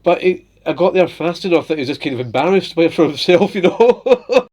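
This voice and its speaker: A man's voice: fairly high pitch, lively intonation, fairly quick, a little mellow. A young adult man casually telling funny stories about his pet and his workplace, laughing often and slipping into little voices. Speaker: vlogger. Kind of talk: casual storytelling.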